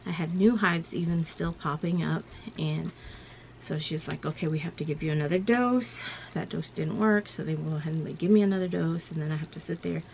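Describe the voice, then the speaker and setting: A woman's voice: sits low, a little fast, creaky, a little mellow, slight background noise. A woman vlogger telling a personal story in a casual, rambling way, full of "you know" and "like.".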